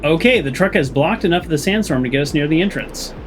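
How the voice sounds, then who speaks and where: Jokey man with a lively pitch. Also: quick pace, background noise. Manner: jokey, rambling, reads characters' lines in playful voices. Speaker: let's play host. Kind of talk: game playthrough commentary, reading dialogue aloud.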